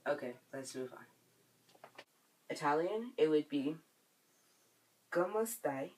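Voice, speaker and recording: A man hosting a language lesson video. He says each phrase slowly and repeats it syllable by syllable so viewers can copy it. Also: a little high, expressive, recorded from a distance, rough recording.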